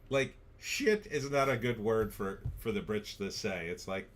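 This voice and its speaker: A middle-aged man hosts a political livestream in a blunt, sarcastic way, stopping now and then to read viewer comments aloud. His voice sits on the low side. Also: measured pace, few pauses, a bit bright. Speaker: livestream host.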